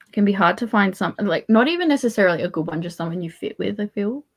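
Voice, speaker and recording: A woman's voice: mid-range voice, animated, quick pace. A woman chatting casually, telling stories and laughing often. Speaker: podcast host. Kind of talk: casual chat.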